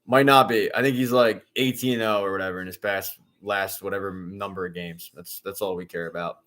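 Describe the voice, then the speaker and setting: A man's voice: low voice, steady tone, brisk, fairly bright tone. A man in his thirties hosting a live football watch-along, talking casually and breaking into exasperated outbursts at bad plays. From Philadelphia area. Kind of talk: casual live-stream commentary.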